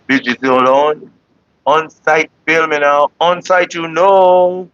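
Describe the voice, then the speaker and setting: A man's voice: fairly high pitch, steady tone, slow pace, fairly bright tone, smooth, highs cut off. A young man rambling casually to camera, joking and laughing often. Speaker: vlogger.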